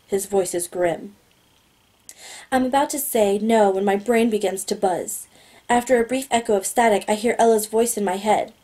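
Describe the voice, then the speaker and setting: A woman narrating a novel in the first person, steady and plain. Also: medium pitch, moderate pace. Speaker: audiobook narrator.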